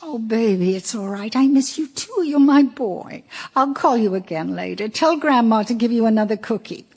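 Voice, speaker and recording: A woman's voice: on the high side, lively intonation, moderate pace, darkish tone, breathy edge. Woman reading a weary tipsy mother. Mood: soothing. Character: tired, tipsy young mother.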